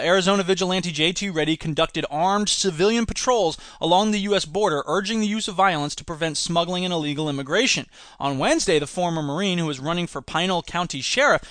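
A man's voice: on the high side, fairly bright tone, dry recording, studio quality. A man hosting a solo podcast, ranting sarcastically about the news. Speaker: podcast host.

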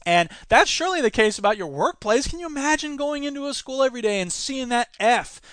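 A man in his thirties with a notably high voice delivers opinionated commentary as a podcast host. He talks emphatically, reading passages aloud and then reacting to them. The sound is dry and close, with no room echo. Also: expressive, fairly quick, fairly bright tone. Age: 30s.

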